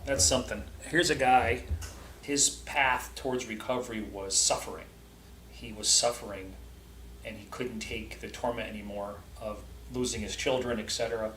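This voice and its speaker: A man's voice: on the low side, steady tone, normal speed, bright, forceful tone, a little hiss or hum. A man hosting a recovery vlog, talking casually and directly to his viewers. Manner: chatty, addresses viewers directly. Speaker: vlog host. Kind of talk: casual commentary. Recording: roomy echo.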